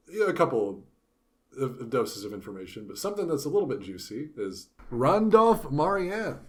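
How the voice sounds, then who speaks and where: A man co-hosting a casual book discussion, animated, dropping into playful voices when he retells scenes. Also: mid-range voice. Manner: animated, puts on character voices when quoting. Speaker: podcast co-host.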